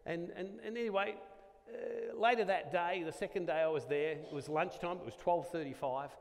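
Animated Australian man telling a story. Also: sits high, moderate pace, creaky. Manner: animated, acts out dialogue, self-deprecating asides. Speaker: Catholic speaker at a church gathering. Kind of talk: storytelling talk to a live audience. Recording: long reverb of a large hall.

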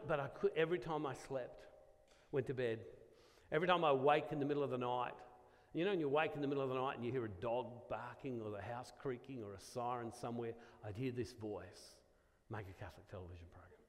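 An Australian man giving a Catholic talk to a live audience, animated and self-deprecating, acting out the dialogue in his story. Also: mid-range voice. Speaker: Catholic speaker at a church gathering. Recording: long reverb of a large hall.

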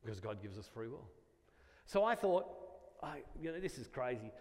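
An Australian man giving a Catholic talk to a live audience, animated and self-deprecating, acting out the dialogue in his story. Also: mid-range voice, moderate pace. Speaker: Catholic speaker at a church gathering. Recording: long reverb of a large hall.

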